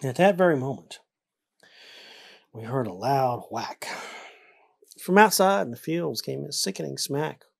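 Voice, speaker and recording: A storyteller reads a rhyming picture book aloud with a sing-song lilt, the pitch rising and falling a lot. The voice has a husky, breathy edge.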